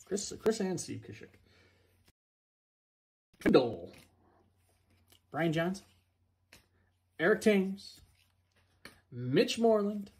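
Man opening card packs, slow pace, lively singsong pitch, calls names one by one. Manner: slow, singsong name-calling with playful asides. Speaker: card breaker. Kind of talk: reading out cards during a box break.

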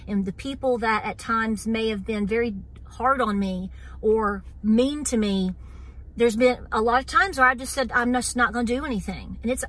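Speaking straight to viewers in casual vlog talk, this homestead channel host is a middle-aged woman from Southern Appalachia with an East Tennessee accent. Her voice is a bit high, bright and forceful. She comes across earnest and wound up, saying y'all and circling back to "here's the deal."

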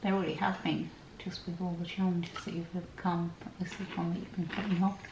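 A woman off to the side encouraging someone close to her, warmly supportive. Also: on the low side, little pitch movement, fast talker. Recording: echoey room with clear noise.

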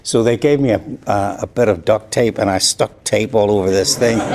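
A man's voice: mid-range voice, expressive, fairly quick, hardly any pauses, background noise. An older man with an Irish accent, telling joking stories to an audience with chuckles as he goes. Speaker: flutist giving a talk. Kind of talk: anecdotal storytelling to an audience.

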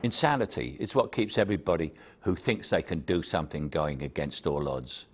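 A man's voice: rumbling low, a little fast. An older man with a Cockney accent, an actor telling anecdotes about his career in an interview, self-deprecating and full of stories. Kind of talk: reminiscing interview.

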